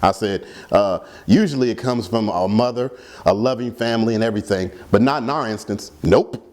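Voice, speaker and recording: A man's voice: on the low side, fairly quick, a little mellow. A man performing stand-up comedy about his kids, with a rambling, self-deprecating delivery.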